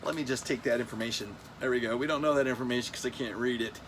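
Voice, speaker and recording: A man's voice: medium pitch, quick pace, very noisy. A man in his fifties hosting a casual toy countdown, rambling, joking at himself and losing his place. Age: 50s. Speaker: toy collector host. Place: air-conditioned room.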